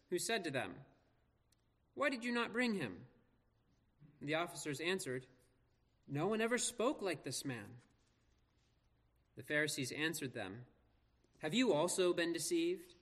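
A man pastor reading scripture aloud and preaching in an earnest, measured way with slow emphatic pauses. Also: high-pitched, a bit bright. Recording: long reverb of a large hall.

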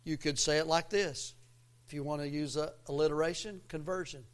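A man preaching a sermon, swelling into loud emphatic lines and dropping low again, with a folksy, self-interrupting delivery. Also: fairly even intonation, fairly quick, clear, resonant tone. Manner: preaching with rising, emphatic swells and quiet drops. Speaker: pastor.

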